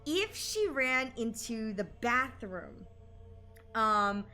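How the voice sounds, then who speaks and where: Giggly high-voiced young woman streamer. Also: very animated, drawn-out words, pushed and bright, faint music behind. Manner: giggly, playful, chatty with chat. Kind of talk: casual gameplay commentary.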